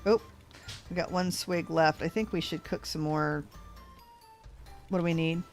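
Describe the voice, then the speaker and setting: Rambly older lady with a hint of drawl, kinda low voice, soft music behind. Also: fairly even intonation, unhurried. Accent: American, slight Texas drawl. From American West Coast. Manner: rambling, chatty, self-correcting. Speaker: let's play host. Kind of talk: casual gameplay chat. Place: home, living in Georgia.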